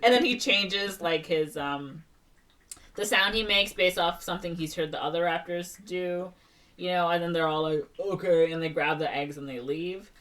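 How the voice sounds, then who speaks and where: Woman, podcast co-host, casual animated movie recap, quick character impressions, lowish voice, a bit far from the mic.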